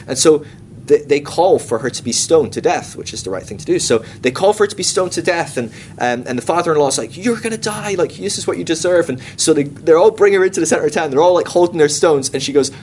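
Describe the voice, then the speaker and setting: A man leading a Bible study class in a casual, chatty way, full of comic asides and quick acted-out quotes. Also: on the high side, darkish tone, slight background noise.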